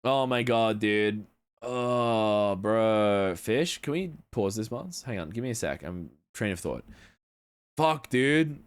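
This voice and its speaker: A man's voice: fairly low pitch, expressive, takes it slowly, clear, resonant tone. A young man chatting casually on a livestream, rambling, swearing now and then, and answering chat messages. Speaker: streamer.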